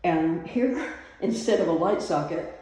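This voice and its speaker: A woman's voice: lowish voice, expressive, unhurried, dark tone, slight background noise. A woman giving a casual walkthrough of an empty house, chatty and unsure, thinking aloud with many fillers. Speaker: real estate agent giving a property tour. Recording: echoey empty rooms.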